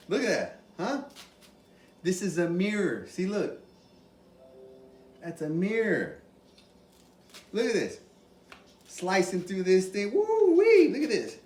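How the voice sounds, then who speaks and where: A man hosting a casual cooking demonstration, animated and exclamatory as he talks straight to his viewers. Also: high voice. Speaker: cooking video host. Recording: roomy, from far off, faint ambient noise.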